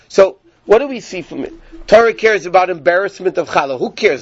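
Guy teaching a torah class, high voice, animated, dry muffled sound. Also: brisk, no room sound. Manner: animated, rhetorical questions.

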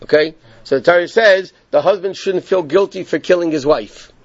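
A man's voice: sits high, normal speed, no echo. A man teaching a Torah class, explaining a text step by step and checking in with his students. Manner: explanatory, repeats points and checks in with "okay?". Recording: dull, lo-fi and dry.

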